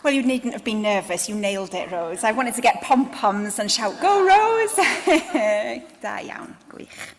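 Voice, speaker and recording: A woman's voice: medium pitch, moderate pace, hardly any pauses, a little hiss or hum. A woman with a Welsh accent hosting a live event, bubbly, enthusiastic and chatty. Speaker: event host. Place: event hall. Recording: echoey hall with faint ambience.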